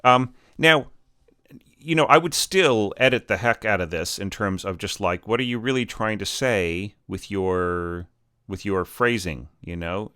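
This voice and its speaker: A man's voice: lowish voice, unhurried, sharp tone, clear, resonant tone, no room sound, studio quality. Rambling man critiquing a score. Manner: rambling, many fillers and restarts, encouraging. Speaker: orchestration teacher reviewing scores. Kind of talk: casual spoken score critique.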